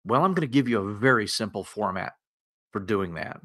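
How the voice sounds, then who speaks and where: Folksy lower-Appalachian man presenting. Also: a little fast. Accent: Southern US, lower Appalachian. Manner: folksy, self-deprecating, energetic. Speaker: presenter of a training webinar. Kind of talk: webinar presentation. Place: converted home bedroom studio.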